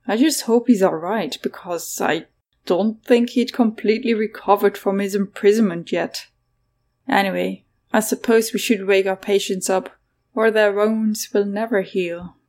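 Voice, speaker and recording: A woman's voice: mid-range voice, fairly even intonation, measured pace, darkish tone, natural voice. A woman reading the part of a blunt young woman who talks plainly and swears mildly. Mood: chatty.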